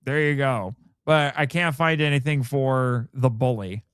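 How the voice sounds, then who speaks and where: A man's voice: medium pitch, a little slow, clear, resonant tone, no echo, clean studio sound. A man chatting casually on a podcast about films, reading out cast names as he looks them up. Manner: chatty, reads out cast names while looking things up. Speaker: podcast co-host.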